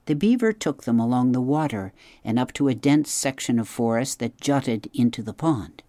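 A narrator reading a children's story aloud in a gentle, steady storytelling manner. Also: medium pitch, normal speed, dry recording. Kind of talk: audiobook narration.

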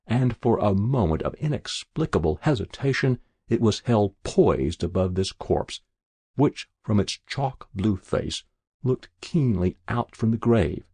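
Give me a gravelly man narrating an audiobook calmly, recorded dry and close. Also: fairly low pitch, no room sound. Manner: measured, even storytelling.

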